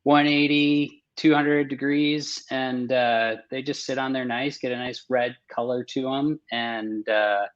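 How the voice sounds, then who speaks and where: A man's voice: mid-range voice, steady tone, unhurried, few pauses, clear, resonant tone, dull audio. A man chatting casually as a podcast guest, explaining things in an easygoing way.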